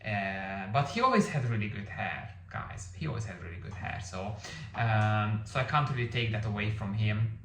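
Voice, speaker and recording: A man's voice: fairly low pitch, animated, normal speed, fairly bright tone, recorded from a distance, slight background noise. A man giving a casual movie review, rambling with lots of fillers and restarts; his first language is Hungarian. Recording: echoey room, somewhat off-mic.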